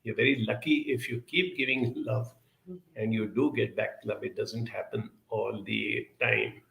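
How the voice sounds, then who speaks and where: Male speaker, gravelly, measured emphatic delivery, roomy echo. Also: fairly low pitch, steady tone, fairly bright tone. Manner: measured, emphatic, frequent uh fillers. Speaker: speaker answering audience questions. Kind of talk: live talk on emotional intelligence.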